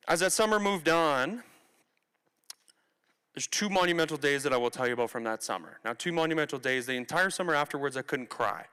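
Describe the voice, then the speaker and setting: Bright, clear-voiced young man in a hall. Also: on the high side, animated, fairly quick. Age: 20s. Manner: candid, conversational storytelling with acted-out quotes. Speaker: motivational speaker. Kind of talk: personal story talk to students. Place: large theatre stage. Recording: reverberant hall recording.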